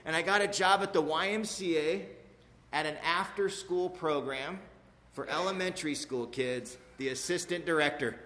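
Man with a slightly high voice, frank and street-casual, giving a recovery testimony to an audience, echoey room. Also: a bit bright. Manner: frank and streetwise, tags lines with "man" and "you know"; emphatic, with quick repeats and restarts. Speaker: speaker sharing his recovery story. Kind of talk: personal testimony talk to a live audience.

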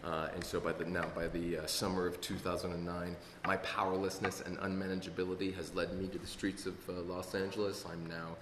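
A fairly low-voiced man shares his personal story with an audience in a large meeting hall. He rambles and uses many fillers, with touches of wry humor. His voice rings out with a long, hall-like reverb over faint background ambience. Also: level tone, brisk, few pauses, fairly bright tone, slight background noise. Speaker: speaker sharing his story at a recovery meeting.

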